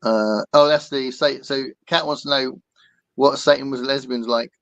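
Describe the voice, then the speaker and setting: A man's voice: mid-range voice, fairly even intonation, normal speed, a bit bright, no echo. English guy hosting a chatty podcast, lots of ums, dull dry mic. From England. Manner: chatty, laughs often, many ums. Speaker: podcast host. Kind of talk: casual chat reading viewer comments.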